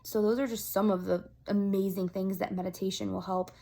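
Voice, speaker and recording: A woman talking straight to her viewers in a chatty, upbeat vlog. Her speech is earnest and animated, with plenty of "like" and "um" fillers. Her voice sits at a middle pitch. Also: brisk, creaky. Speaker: vlogger. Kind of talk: casual talk to camera.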